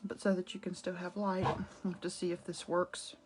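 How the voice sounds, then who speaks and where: A woman teaching a live painting and collage demo, chatty and enthusiastic, greeting viewers as she works, a little hoarse from a cough drop. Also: fairly low pitch, level tone, fairly quick, darkish tone, slight background noise. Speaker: art instructor. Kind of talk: casual live craft demo. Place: home art studio.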